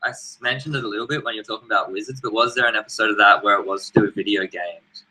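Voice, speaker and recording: A man's voice: fairly low pitch, racing, pushed and bright, rough recording. A young man co-hosting a casual chat, joking and acting out little scenes as he tells stories. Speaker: podcast co-host.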